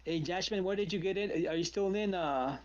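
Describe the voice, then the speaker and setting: A man's voice: high voice, brisk, highs cut off. A man hosting a live trading stream, chatting casually and telling stories with acted-out quotes. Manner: animated storyteller, acts out quotes.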